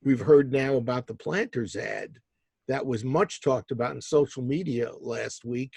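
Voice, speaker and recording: A man hosts a panel talk, his voice dark and mellow, with a husky edge. He puts his questions in a measured way, and the sound is dry and close. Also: medium pitch, no room sound. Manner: measured, asks guests questions. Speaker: host. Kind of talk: panel discussion moderating.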